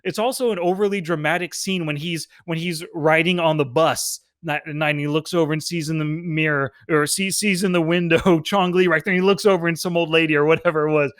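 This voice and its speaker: A man's voice: a little high, fairly even intonation, fairly quick, few pauses, a bit bright, no echo, clean studio sound. A man co-hosting a movie review podcast, chatting in an enthusiastic, easygoing way and laughing often. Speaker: podcast co-host. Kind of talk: casual movie review chat.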